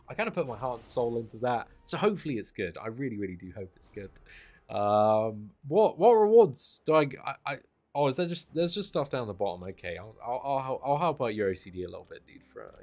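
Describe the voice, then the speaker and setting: A man casually commenting on a game he is playing live, chatty and self-deprecating. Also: lowish voice. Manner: chatty, self-deprecating, says mate and dude a lot. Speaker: game streamer.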